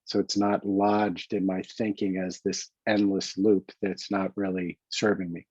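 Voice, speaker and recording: A man with a New York accent talks through coaching exercises in a calm, reflective manner, often pausing and restarting. His voice sits low and mellow. The recording is dry and a little dull. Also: no room sound. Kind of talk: self-help teaching talk.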